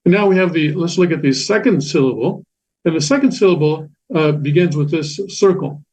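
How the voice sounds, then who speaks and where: A man's voice: a little high, brisk, darkish tone. A man teaching a class, talking patiently with many fillers, restarts and repetitions. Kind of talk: classroom lecture explaining Korean letters. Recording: dull lo-fi sound.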